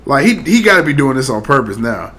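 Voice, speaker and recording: A man's voice: medium pitch, very animated, quick pace, a bit bright. A man casually reacting to online clips in a slangy, amused, laid-back way.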